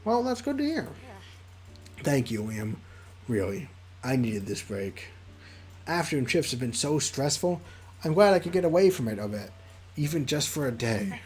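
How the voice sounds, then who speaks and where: Streamer doing a sweet shy girl coworker, soft and hesitant, bouncy lively pitch. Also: normal speed, pauses often, slight background noise, natural voice. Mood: gentle. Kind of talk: reading a visual novel aloud.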